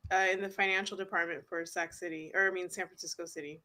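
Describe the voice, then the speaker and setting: A woman's voice: fairly low pitch, fairly even intonation, fast, bright, forceful tone, slight background noise. A woman co-hosting a casual group chat, moderating the talk and laughing often. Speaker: co-host.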